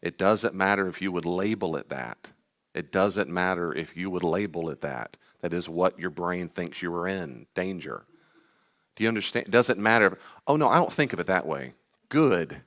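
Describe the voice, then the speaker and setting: A man with a very deep voice teaches a live class on anxiety in a meeting room. He speaks emphatically, repeats his key points and often turns to the audience for questions. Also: normal speed, fairly bright tone.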